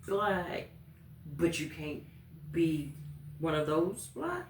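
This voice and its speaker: A woman's voice: low-pitched, big pitch swings, very slow. A woman chats casually as a guest, her thoughts trailing off and circling back with "you know". The recording picks up a roomy living-room echo with a faint hum behind her. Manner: loose, trailing-off speech with frequent "you know". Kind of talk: casual conversation.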